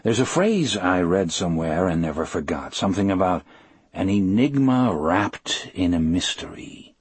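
A man narrating an audiobook in a measured, unhurried first-person telling. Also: low voice, very animated, husky, no room sound.

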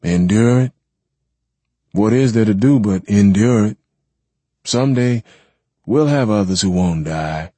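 A man voicing an ancient, controlling man speaking in a measured, weary way in a story reading. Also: on the low side, warm tone, no room sound, pitched above the performer's own voice.

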